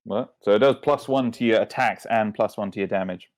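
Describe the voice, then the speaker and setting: A man running a tabletop game as game master, halting, with many fillers. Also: on the low side, dry recording.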